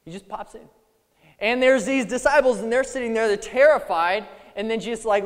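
Animated high-voiced male preacher in a hall. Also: fairly quick. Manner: animated, playful, acts out the disciples and Jesus. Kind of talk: sermon. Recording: long hall reverb.

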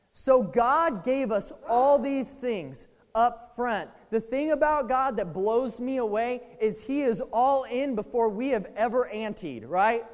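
A preacher with a mid-range, darkish voice delivers a sermon in a casual, conversational way, recorded with a long reverb tail. He often asks listeners "right?" and acts out the inner voices of the people he quotes.

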